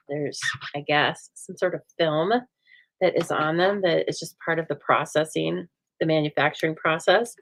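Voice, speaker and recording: A woman hosting a live stamping demonstration, chatting playfully and answering viewer comments as she works. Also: deep voice. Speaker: craft show host. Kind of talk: live stamping demo chat.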